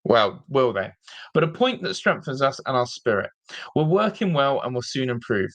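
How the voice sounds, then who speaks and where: A man's voice: medium pitch, sing-song, normal speed, fairly bright tone. A man hosting a live-streamed football fan show, ranting in exasperation and repeating himself. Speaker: fan channel host.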